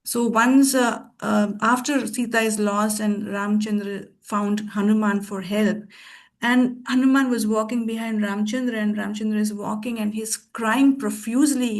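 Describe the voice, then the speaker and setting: A woman teaching a scripture class, telling a story in a thoughtful, pausing way with restarts. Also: medium pitch, fairly even intonation. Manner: thoughtful, with frequent pauses and restarts.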